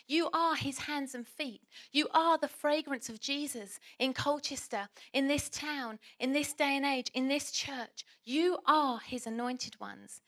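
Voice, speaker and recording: A woman preaching a passionate sermon, swinging from loud exhortation to hushed whispers. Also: high-pitched.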